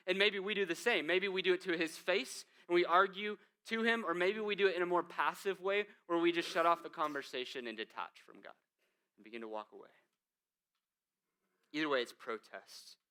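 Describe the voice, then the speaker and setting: A man's voice: medium pitch, pushed and bright, clean tone. A male lead pastor preaching a conversational sermon, full of rhetorical questions and emphatic asides.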